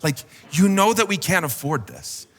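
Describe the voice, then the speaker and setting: A man's voice: fairly high pitch, big pitch swings, moderate pace, fairly bright tone, big-room sound, pitched above the performer's own voice. A man voicing an exasperated husband questioning his wife about a purchase. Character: frugal husband pastor, exasperated.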